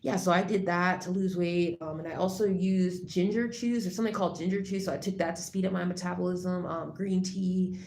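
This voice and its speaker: A woman talking casually to the camera, rambling with lots of fillers and restarts, turning loud and heated as she rants. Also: on the low side, fairly even intonation, fairly quick, hardly any pauses. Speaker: vlogger. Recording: echoey room, faint background noise.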